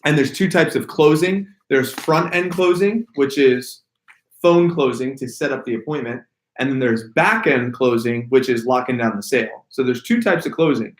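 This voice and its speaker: A man leads a sales training session in a room with noticeable echo. He speaks casually at a medium pitch and leans hard on individual words as he demonstrates phrasing to the group. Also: moderate pace. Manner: animated, emphatic, stresses words to demonstrate. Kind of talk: training workshop talk. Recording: echoey room.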